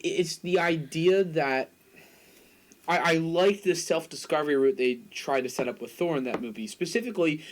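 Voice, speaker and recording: A man's voice: on the high side, low-quality recording. A young man co-hosting a podcast in casual chat, talkative and opinionated, hedging with fillers. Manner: talkative, opinionated, hedges with "like" and "I mean". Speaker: podcast co-host.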